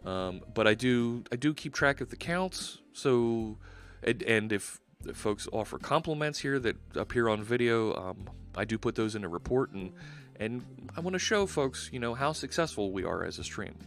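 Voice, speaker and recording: Male streamer, mid pitch, upbeat rambling chat over faint background music. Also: expressive, normal speed, creaky. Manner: chatty, upbeat, rambling with frequent restarts. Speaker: live-coding stream host. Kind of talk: casual livestream chat while coding.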